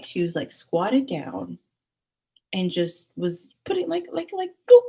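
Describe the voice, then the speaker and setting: A young woman vlogger telling a casual, rambling story to camera, animated and jumping into high excited squeals. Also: takes it slowly, slightly rough.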